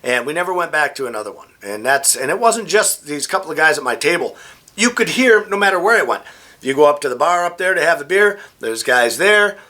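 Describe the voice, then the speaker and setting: Bright-voiced middle-aged man telling stories. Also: fairly high pitch, fairly quick. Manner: rambling, animated anecdotes with frequent restarts. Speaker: vlogger. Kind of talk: casual storytelling.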